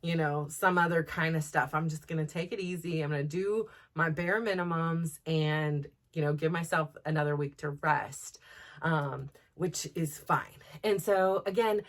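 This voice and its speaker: A woman's voice: low voice, a little slow. A middle-aged woman hosting a podcast, talking candidly in a rambling, casual way, full of fillers and restarts. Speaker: host. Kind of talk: casual personal chat.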